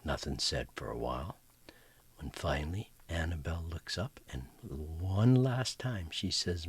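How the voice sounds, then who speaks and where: Man, middle-aged, comedy host, folksy joke-telling, very husky, low voice, drifts into whispers. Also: unhurried, dry recording. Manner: relaxed, folksy storyteller.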